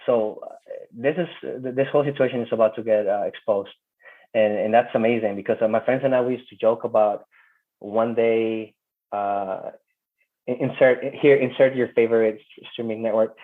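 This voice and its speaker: A man's voice: fairly low pitch, steady tone, moderate pace. A man who is not a native English speaker, talking in a casual interview and often stopping to repeat words as he searches for them. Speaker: interview guest. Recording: tinny phone-like call audio.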